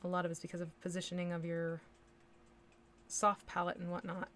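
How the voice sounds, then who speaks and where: A woman's voice: lowish voice, completely flat delivery, fairly quick, a bit bright, a little hiss or hum. A woman from the States hosting a miniature painting livestream, chatting casually and thinking aloud as she works, with little hummed nonsense syllables. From United States. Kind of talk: casual chat while painting live.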